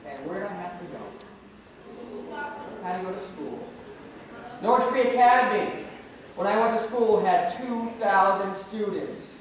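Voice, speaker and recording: A high-voiced man, an anti-bullying speaker who also teaches martial arts, tells a story and takes questions at a school assembly, jokes with the students and calls out questions to them. He talks a little slowly with frequent pauses. He's recorded from far off in a large, echoey hall full of students, with faint noise.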